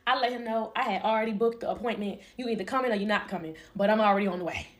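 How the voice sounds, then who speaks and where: A young woman telling a casual storytime, emphatic and slangy, acting out what others said and laughing often. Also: medium pitch. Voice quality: animated, emphatic, quick to laugh. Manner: slangy and expressive, acting out quoted lines.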